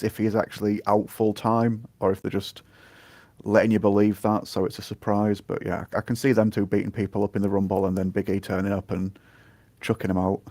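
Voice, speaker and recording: A man's voice: fairly low pitch, darkish tone, no room sound. A man co-hosting a podcast in casual chat, dry and wry. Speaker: podcast co-host.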